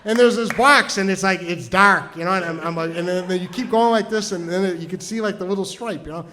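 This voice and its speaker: Storytelling comic, male, higher-pitched voice; rambling, full of restarts, drops to a hush and rises to shouts. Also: fast talker. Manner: rambling, lots of stammered restarts and "like"; swings from hushed and tender to loud and shouting. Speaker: storytelling comedian. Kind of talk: stand-up storytelling. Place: stage before a live audience.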